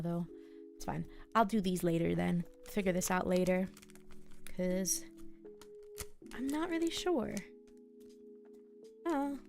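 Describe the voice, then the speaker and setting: A woman's voice: mid-range voice, vocal fry. A young woman streaming live, chatting casually and musing to herself and her chat while she journals. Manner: soft, musing, talks to herself and chat with many fillers.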